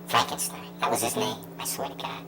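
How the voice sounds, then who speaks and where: A man telling a comic story in a halting, deadpan way, dropping to a whisper. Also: over loud music. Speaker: monologue performer.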